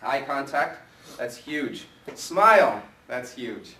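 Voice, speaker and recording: Energetic man coaching a room. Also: medium pitch, slow pace, slight background noise. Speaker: sales trainer. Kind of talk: live training talk to a room. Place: training room, in front of a group. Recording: echoey room from a distance with faint ambience.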